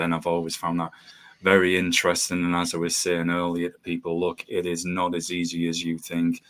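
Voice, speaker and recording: A podcast host with a deep yet fairly bright voice interviews a guest over a video call. He rambles casually, with lots of ums and restarts.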